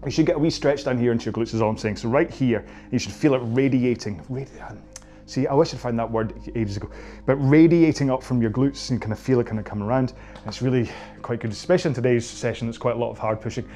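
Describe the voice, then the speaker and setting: A man's voice: mid-range voice, quick pace, dark tone, soft background music. Chatty Scottish man coaching stretches. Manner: chatty, joking and self-mocking. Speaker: indoor rowing coach. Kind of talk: guided stretching class, casual chat.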